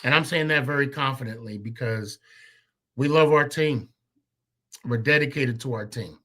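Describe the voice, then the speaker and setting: Guy hosting a fan podcast, bright voice, rambly shout-outs to the chat. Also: medium pitch, normal speed. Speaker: podcast host. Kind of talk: casual sign-off chat.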